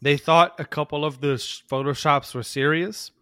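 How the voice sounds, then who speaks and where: A man with a bright, forward voice and a slightly raised pitch, co-hosting a podcast. He talks in a loose, profane, rambling way and laughs often. The sound is dry and close. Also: steady tone, normal speed, smooth, dry recording. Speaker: podcast co-host. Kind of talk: casual chat.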